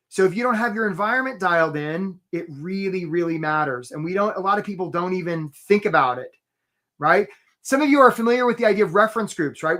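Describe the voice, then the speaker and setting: A man's voice: sits high, pushed and bright. Male career coach hosting a live webinar; upbeat motivational delivery, conversational with tag questions. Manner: motivational, peppers lines with "right?".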